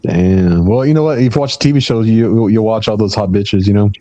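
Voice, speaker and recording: A man's voice: lowish voice, a little fast, mellow, dull audio. A middle-aged man, a podcast co-host, trading teasing, profane banter with friends. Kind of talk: casual chat.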